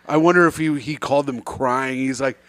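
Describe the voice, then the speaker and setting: A man's voice: medium pitch, brisk, a bit bright, no room sound. A man co-hosting a podcast, mocking his co-host with crude jokes and laughing at them himself. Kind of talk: casual crude banter.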